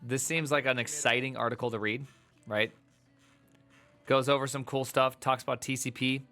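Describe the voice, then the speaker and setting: Man, live streamer, casual rambling chat, joking, bright tone. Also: medium pitch, normal speed, faint music behind. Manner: animated, jokey, rambling asides to chat. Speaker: live streamer reading tech articles with chat.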